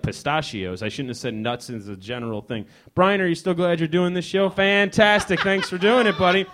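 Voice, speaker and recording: Rambling, lively stand-up comedian man. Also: fairly high pitch. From Chicago. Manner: rambling, teasing the crowd, frequent self-interrupting restarts. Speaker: comedian performing for a small live audience. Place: hostel lounge, leaning on a leather couch.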